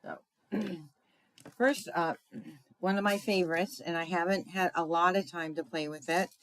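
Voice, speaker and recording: A woman's voice: lowish voice, steady tone, normal speed, fairly bright tone, no echo, rough recording. A woman giving a casual live craft demonstration, chatty and thinking aloud, talking to her viewers with fillers and asides.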